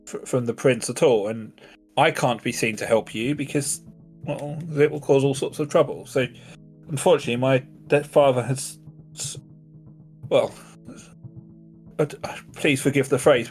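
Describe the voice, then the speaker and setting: A man's voice: mid-range voice, normal speed, pauses often, soft background music. A man narrating as game master and voicing a royal character, talking in a hesitant, rambling way.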